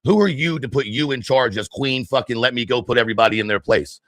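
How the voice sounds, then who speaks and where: A man's voice: medium pitch, lively intonation, quick pace, few pauses, a bit bright, no echo, studio quality. An angry man ranting on his livestream, heated, profane and confrontational.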